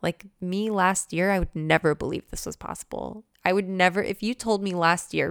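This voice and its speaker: A young woman chatting excitedly in a casual vlog, gushing and swearing casually as a manifestation coach. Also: lowish voice, moderate pace, hardly any pauses, clear, resonant tone, no room sound, studio quality. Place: new apartment.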